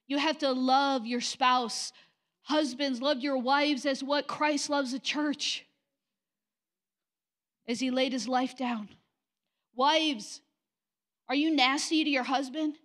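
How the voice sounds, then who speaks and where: Woman pastor, middle-aged, high voice, blunt confrontational sermon delivery in a church. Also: fairly even intonation, slow pace, pauses often, fairly bright tone. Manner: direct, confrontational preaching with mocking quoted voices. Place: church sanctuary.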